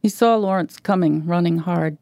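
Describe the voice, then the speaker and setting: A woman reading a short story aloud in a measured, even way. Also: lowish voice, no echo. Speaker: guest reader. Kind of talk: literary reading.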